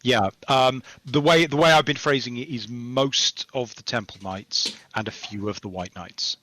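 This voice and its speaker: A man's voice: mid-range voice, moderate pace. A man guesting on a podcast, chatting casually and telling stories with frequent laughter. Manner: chatty, laughs often, lively storytelling. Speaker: game developer guest.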